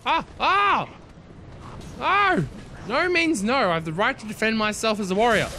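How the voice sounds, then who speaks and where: Excitable young man yelping at a game. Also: high voice, fast talker, a little hiss or hum. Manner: excitable, swears and yelps at the game. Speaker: gameplay commentator. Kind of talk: let's play commentary.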